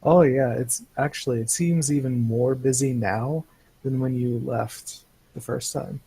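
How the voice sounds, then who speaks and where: A man's voice: medium pitch, steady tone, unhurried, creaky, warm tone, husky, low-quality recording. A man running a tabletop game as game master, hesitant and full of fillers.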